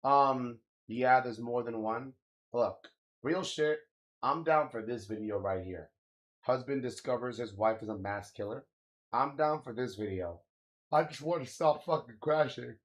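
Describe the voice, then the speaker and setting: A young man chatting casually on a live stream, slangy and swearing, venting about lag and reacting with drawn-out "wow"s. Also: medium pitch. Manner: loose, slangy, swears often, exclaims "wow" a lot; frustrated, ranting about lag.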